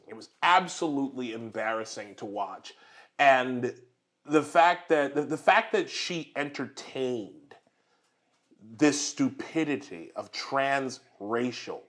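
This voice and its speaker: A man hosting a casual political chat over dinner at home, rambling with lots of restarts and fillers and laughing often. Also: medium pitch. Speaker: host.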